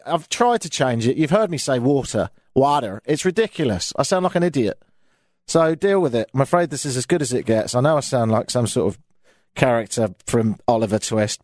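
Grumbling self-mocking British radio host. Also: male voice, medium pitch, dry recording. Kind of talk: casual radio monologue. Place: radio studio. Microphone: studio microphone.

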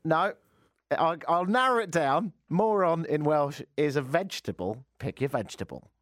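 Joking talk radio host, lively. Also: male voice, on the high side, normal speed, dry recording, studio quality. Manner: joking, chatty and teasing. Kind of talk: casual talk radio chat. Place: radio studio. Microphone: studio microphone.

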